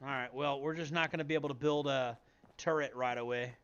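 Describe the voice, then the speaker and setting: A man's voice: mid-range voice, fairly even intonation, brisk, fairly bright tone, dull audio, a little hiss or hum. A young man streaming a game, rambling and swearing casually as he plays. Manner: rambling, profane, muttering to himself. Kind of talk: casual gameplay commentary.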